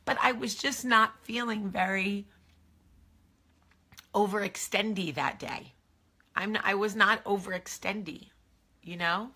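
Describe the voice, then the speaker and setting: A woman's voice: mid-range voice, normal speed, pushed and bright, slightly rough. A woman with a New Jersey accent hosting a casual chat to camera. She talks in a confiding way and keeps drifting into asides. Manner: chatty and confiding, trailing off into asides. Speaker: host.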